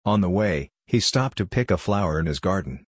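Deep, husky male storyteller. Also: animated, a little fast, no echo, studio quality. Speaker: narrator. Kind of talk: scripted storybook narration.

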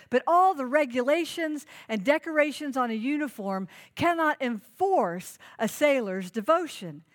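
A woman pastor preaching a sermon, earnest and emphatic, asking the congregation questions. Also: on the high side.

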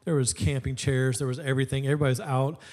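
A man's voice: medium pitch, flat delivery, very fast, a little mellow. A man preaching a sermon to his church, telling a story in a conversational way. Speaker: pastor.

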